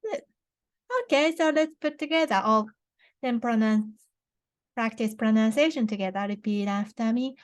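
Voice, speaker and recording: A young woman with a Japanese accent teaching a beginner language lesson, saying words slowly and clearly for repetition, with frequent restarts. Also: on the high side, no echo, studio quality. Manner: slow, careful model pronunciations with many restarts.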